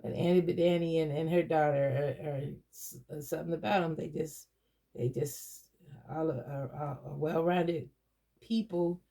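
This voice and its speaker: A woman's voice: low voice, steady tone, moderate pace, vocal fry, dark tone. A middle-aged woman chatting casually to her viewers, rambling with many restarts and fillers. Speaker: doll collector vlogger. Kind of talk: casual chat to camera.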